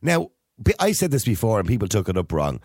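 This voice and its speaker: A man's voice: lowish voice, wildly swooping pitch, fast, darkish tone, husky, no echo, clean studio sound. A middle-aged man hosting a casual radio chat, telling stories and laughing often. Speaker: radio host.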